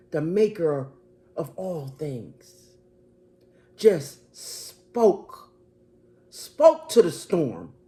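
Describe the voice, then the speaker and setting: A woman's voice: on the low side, warm tone. A woman preacher giving a sermon, emphatic and restating her phrases.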